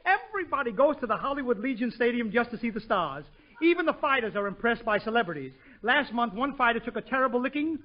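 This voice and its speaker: A man's voice: very high-pitched, animated, fast talker. A man hosting a 1940s radio comedy show, delivering punchy wisecracks. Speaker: comedian host. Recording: muffled old radio with studio audience and hiss.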